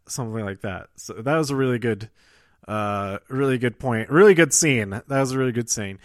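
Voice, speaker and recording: A man's voice: medium pitch, no echo. Rambling man recapping an episode. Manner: rambling, halting with many fillers and restarts; self-deprecating and chuckling asides. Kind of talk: casual spoken recap.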